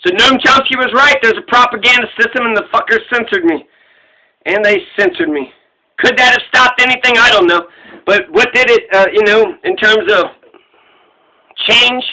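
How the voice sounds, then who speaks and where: Bright, high-voiced man ranting with profanity. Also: moderate pace, rough recording. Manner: heated, sarcastic, swears freely. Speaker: vlogger.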